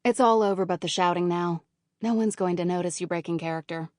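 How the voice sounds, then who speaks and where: A woman's voice: on the low side, a little fast, a little mellow, no room sound, clean studio sound, natural voice. A woman narrator voicing a wry, worldly woman jewelry vendor who speaks dryly.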